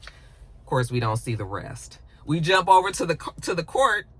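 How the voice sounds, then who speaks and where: This is a chatty show reviewer walking through an episode in an easygoing vlog. The voice has a bright, forward edge and stays casual and colloquial throughout. They slip in quick impressions of the characters as they retell the scenes. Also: medium pitch, big pitch swings, no echo. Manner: chatty, colloquial, acts out quoted lines.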